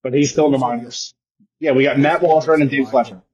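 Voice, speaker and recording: Husky-voiced man in lo-fi podcast banter. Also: medium pitch, steady tone, darkish tone. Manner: quick, jokey, profane banter. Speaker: podcast co-host. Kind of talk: casual sports chat. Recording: dull lo-fi sound.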